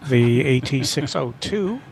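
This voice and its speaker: A man's voice: mid-range voice, lively intonation, a little slow, gravelly, a little mellow, a little hiss or hum. A man on a group flight-sim session, chatting casually and listing details with frequent fillers. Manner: reels off details with many fillers. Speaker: player in a group flight stream. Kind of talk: casual gaming chat.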